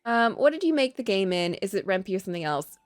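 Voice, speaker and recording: A woman's voice: mid-range voice, fast, no echo, clean studio sound, faint music behind. A woman streaming a game live, reading its text aloud and chatting casually, laughing and gasping as she reacts. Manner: lively, chatty, laughs often, reacts with gasps.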